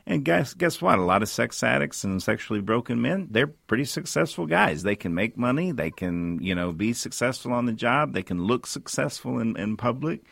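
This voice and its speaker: A man co-hosting a faith-based recovery talk show, telling stories in an earnest, animated way. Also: medium pitch, moderate pace, vocal fry, hardly any pauses, no room sound, studio quality. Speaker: co-host, recovery ministry leader.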